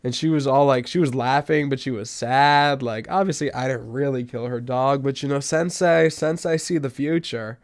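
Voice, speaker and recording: A young man hosting a podcast, telling stories in a casual monologue that swings from loud outbursts to low mutters. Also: fairly even intonation, normal speed, hardly any pauses. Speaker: podcast host.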